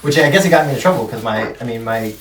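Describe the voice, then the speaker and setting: A man's voice: medium pitch, expressive, quick pace, recorded from a distance. A man chatting casually as a guest on a talk show, rambling with lots of fillers. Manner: rambling, filler-heavy storytelling. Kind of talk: casual chat. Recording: roomy sound from off mic with background noise.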